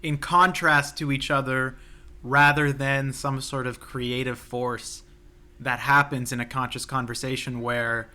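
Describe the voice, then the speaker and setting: A young man with a bright, forceful voice talks slowly and deliberately, thinking aloud and restarting his sentences. He co-hosts a casual philosophical podcast, recorded outdoors. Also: medium pitch, flat delivery. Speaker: podcast co-host. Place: outdoors near a playground.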